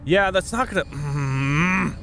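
A young man giving casual, excitable gameplay commentary, often swearing and saying dude. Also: fairly high pitch, slow pace, creaky, slight background noise. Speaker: let's play gamer. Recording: game music playing behind.

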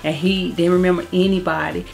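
With faint music behind her, a woman speaks fairly quickly in a lowish, level, creaky and darkish voice. She's a vlogger telling viewers a personal family story straight to camera, candidly and emotionally, frequently repeating herself.

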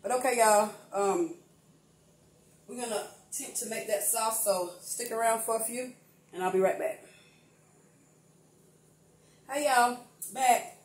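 Cooking in her home kitchen, an older woman vlogs casually and calls her viewers y'all. She speaks with a fairly high pitch, a little slowly, pausing often, and the mic sits at a distance in an echoey room.

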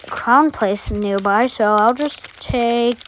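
A woman's voice: fairly high pitch, slow, a bit bright, a little hiss or hum. A woman voicing a bratty four-year-old boy with a babyish, sly way of talking, in a homemade puppet skit. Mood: scheming.

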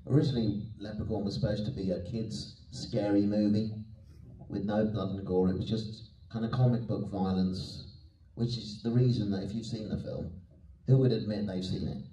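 A man's voice: lowish voice, steady tone, normal speed, warm tone. A man telling chatty, self-deprecating stories as the guest actor on a convention panel, laughing often. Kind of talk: anecdotal panel Q&A. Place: convention hall. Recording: echoey hall, mic at a distance.

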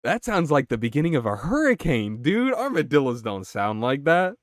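A young man chatting casually on his game live stream, excitable, swearing and reacting to chat. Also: medium pitch, normal speed, dry recording, clean studio sound.

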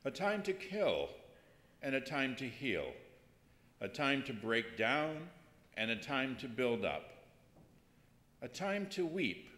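A man reads scripture slowly and deliberately, his pitch rising and falling with the poetry. His voice fills a big church hall with roomy echo and long reverb. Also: very animated, a bit bright. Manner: measured, rhythmic reading. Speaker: scripture reader. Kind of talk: scripture reading. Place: church sanctuary.

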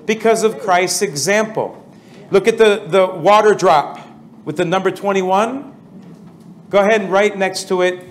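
High-voiced pastor quizzing his audience. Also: measured pace, a little hiss or hum. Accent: American. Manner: energetic, asks the audience many questions. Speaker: pastor leading a prayer seminar. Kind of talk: interactive seminar teaching.

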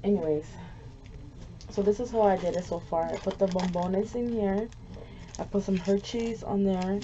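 A woman's voice: medium pitch, fairly even intonation, moderate pace, warm tone, lo-fi sound. A woman vlogger chatting casually while making a gift, easily frustrated and swearing often. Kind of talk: casual craft vlog chat. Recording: faint background noise.

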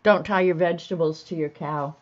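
A woman's voice: deep voice, steady tone, fairly quick, lo-fi sound, a little hiss or hum. A woman hosting a casual livestream, chatting to viewers and laughing easily as she reads funny bits aloud. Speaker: host.

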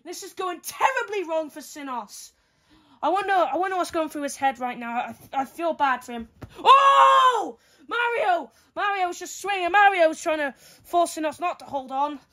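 A woman giving excitable play-by-play fight commentary, full of exclamations and counts. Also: very high voice, moderate pace.

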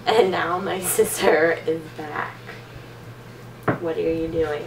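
A young woman unboxing makeup gifts in a casual vlog, excitable and gushing, gasping often. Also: sits low, takes it slowly, reverberant, far from the mic, noisy background. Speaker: beauty vlogger.

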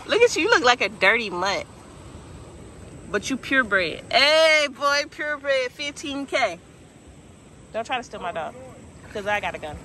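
A woman with a high, swooping voice cheers and coaxes her dog on a lake day. Her talk is casual and excited, rising and falling all over the place. Outdoor noise is clearly heard around her. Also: unhurried, pauses often. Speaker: vlogger.

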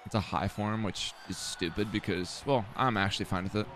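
Bright-voiced young man muttering over gameplay. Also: lowish voice, fairly quick, soft background music. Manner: swears and mutters the same phrase over and over; excitable, jumps into yelling. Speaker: video game streamer. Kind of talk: live gameplay commentary.

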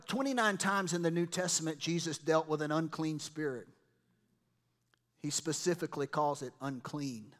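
A man's voice: fairly high pitch, fairly bright tone. A man preaching a sermon as a pastor in a church, talking to the congregation in a conversational way and acting out quotes from other people.

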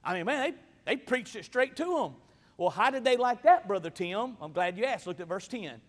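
A man's voice: high-pitched, animated, moderate pace. A man preaching a sermon in a church, fervent and repeating himself for emphasis. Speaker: pastor. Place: church sanctuary. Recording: long reverb of a church hall.

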